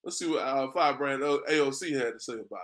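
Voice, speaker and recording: This lecture on street preaching comes from a man with a medium-pitched, somewhat bright voice who speaks fast, and there's a little hiss or hum on the recording. He preaches at his class with rhetorical questions, repeats "man" constantly, and chuckles a lot.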